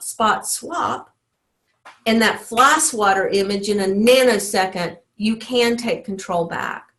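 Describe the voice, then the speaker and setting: A woman with a somewhat high, slightly bright voice leads a motivational teleclass as a life coach. She sounds earnest and encouraging, and often acts out inner self-talk.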